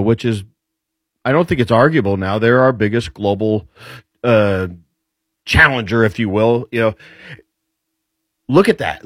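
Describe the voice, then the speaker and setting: A man's voice: medium pitch, no room sound. A man appearing as a guest commentator, explaining military and economic points in casual talk and building them with rhetorical questions.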